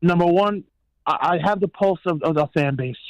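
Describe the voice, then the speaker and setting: Man caller, rambling and profane, higher voice, dry sound. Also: normal speed, no echo, rough recording. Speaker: caller and regular. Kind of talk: casual chat.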